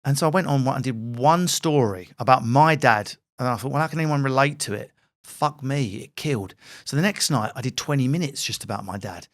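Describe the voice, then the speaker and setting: A man in his forties from England, a comedian guest telling lively anecdotes with plenty of swearing in a podcast interview. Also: mid-range voice, fairly quick. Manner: animated, sweary anecdotal storyteller.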